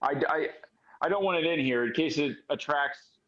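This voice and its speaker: A man's voice: a little high, normal speed, a bit bright, muffled recording, close to an everyday voice. A man doing a stammering nervous young woman. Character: flustered grieving young woman.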